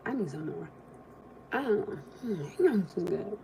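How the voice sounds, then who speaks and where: A young woman hosting a livestream, telling family stories in a casual, animated way and acting out what people said, with frequent laughs and pauses to eat. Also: lowish voice, a little hiss or hum. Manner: animated, acts out quotes, laughs often, eats while talking. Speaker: livestream host.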